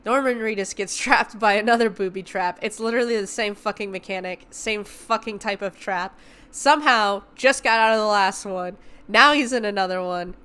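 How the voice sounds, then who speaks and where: Podcast host, young woman, bright tense tone, loose swearing movie recap. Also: medium pitch, moderate pace, clear, resonant tone. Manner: animated, profane retelling with filler words. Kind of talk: casual movie review recap.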